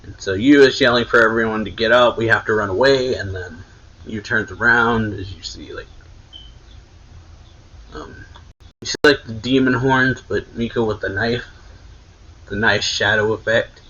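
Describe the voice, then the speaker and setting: A man's voice: fairly low pitch, steady tone, a little slow, pauses often, sharp tone. A man casually recapping a manga chapter, rambling with many fillers, on dull lo-fi audio. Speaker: manga reviewer.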